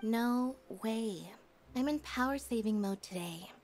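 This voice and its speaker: This is a deadpan young magician's assistant from a video game. Her voice is fairly high yet delivered flat and dry, as if nothing could bother her. A faint ambient hum sits behind her. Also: unhurried.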